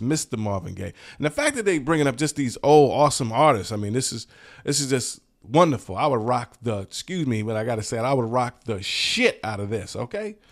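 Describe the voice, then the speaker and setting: A man of ordinary middle pitch chats loosely through a stack of shirt designs. He is laid-back and slangy, cheerfully hyped, and he swears now and then as he goes. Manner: relaxed, slangy and enthusiastic, repeats "dope", swears. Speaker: host of a t-shirt business channel. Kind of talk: casual talk showing shirt designs.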